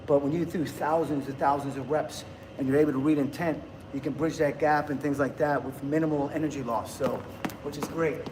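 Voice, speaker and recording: A man's voice: fairly high pitch, background noise. A man in his fifties from the United States, chatting casually on a livestream and answering viewer comments in an upbeat way. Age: 50s.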